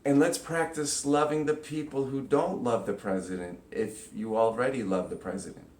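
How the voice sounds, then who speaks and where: A man giving a casual spiritual teaching talk, animated and acting out inner voices with sudden loud, high bursts. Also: moderate pace. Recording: echoey room.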